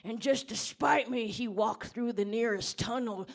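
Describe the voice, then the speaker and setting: A woman voicing an unhinged old man who lives under a bridge, rambling slowly on a pub stage with sudden shouts. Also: a little high. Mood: mock grief. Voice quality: gravelly, creaky old-man voice. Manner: slow, rambling, with bursts of shouting. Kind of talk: comedic character monologue at a live debate.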